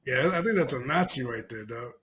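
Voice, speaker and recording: A man's voice: mid-range voice, expressive, brisk, a bit bright. A man hosting a podcast, giving loose, profane, laughing reaction commentary on clips. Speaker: podcast host.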